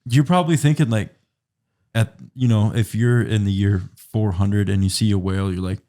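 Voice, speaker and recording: Young man, low-ish voice, podcast co-host, teasing, eggs the others on. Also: steady tone, normal speed, dark tone. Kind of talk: casual chat.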